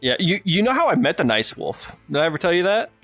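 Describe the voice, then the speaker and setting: A man's voice: sits high, big pitch swings, quick pace, a bit bright, soft background music. Laid-back young man hosting a podcast. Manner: rambling storyteller, swears freely, laughs often. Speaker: podcast host. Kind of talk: casual chat.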